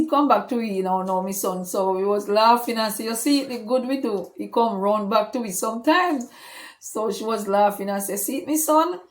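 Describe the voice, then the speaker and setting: A woman telling a personal story in a casual, animated way and acting out what others said. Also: mid-range voice. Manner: animated retelling, acts out quoted speech. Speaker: vlogger.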